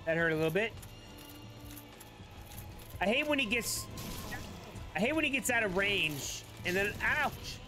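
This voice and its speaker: Woman gamer, unhurried, emotional running commentary over faint game music. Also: mid-range voice, big pitch swings. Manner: emotional, reacting aloud, apologetic.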